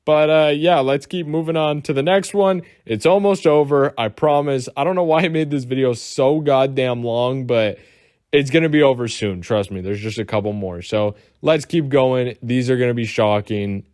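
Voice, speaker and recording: A man's voice: medium pitch, normal speed, a little mellow, smooth, no echo, clean studio sound. A man from the United States giving casual, rambling reaction commentary and swearing freely. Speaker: commentary YouTuber.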